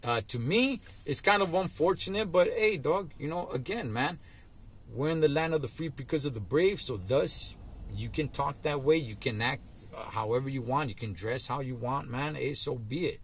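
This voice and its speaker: Middle-aged guy from so-cal, husky voice, laid-back slangy vlog talk. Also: medium pitch, lively intonation, normal speed. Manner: laid-back street slang, frequent "man" and "dog". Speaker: trucker vlogger. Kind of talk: casual monologue to camera.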